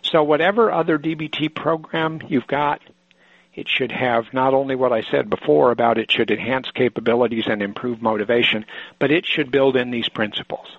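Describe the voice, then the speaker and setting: A man with a gravelly, husky voice lectures a group of clinicians in a thoughtful, explanatory way, often breaking off and restarting his sentences. The recording is dry and dull, with a lo-fi sound. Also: mid-range voice, fairly even intonation, normal speed, no room sound. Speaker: therapy trainer lecturing clinicians.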